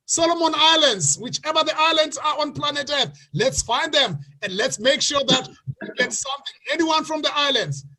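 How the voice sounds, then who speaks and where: A man hosting an online sales webinar over a video call, excitable and often shouting to the participants. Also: very high-pitched, moderate pace. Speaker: webinar host.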